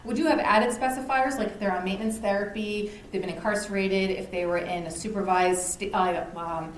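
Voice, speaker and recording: A woman's voice: mid-range voice, a little fast. A woman giving an informal educational talk at a community lunch, conversational, often checking in with "right?" and acting out anecdotes. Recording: echoey room with faint noise.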